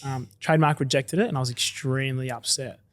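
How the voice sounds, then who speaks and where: Quick, chatty and enthusiastic, this Australian man walks through his drinks company in a relaxed podcast interview as its founder. His mid-range voice keeps fairly even intonation, with no room sound.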